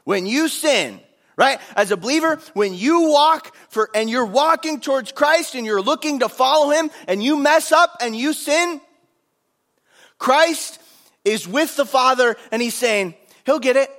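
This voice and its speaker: High-voiced, earnest male preacher. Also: expressive, a little slow, bright, forceful tone. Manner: earnest, emphatic, leans on repetition. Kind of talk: sermon.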